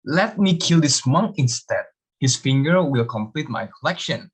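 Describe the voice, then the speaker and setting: A man reading aloud the part of a violent male bandit hunting a monk, in a plain, measured way. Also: mid-range voice, lively intonation, slightly rough. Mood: menacing.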